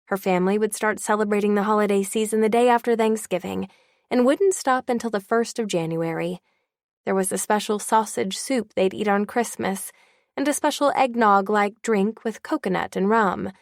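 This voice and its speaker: A young woman narrates an audiobook in first person with a wry, confiding tone. Her mid-pitched voice carries a gravelly edge, recorded close and dry. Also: moderate pace, no echo. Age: young adult.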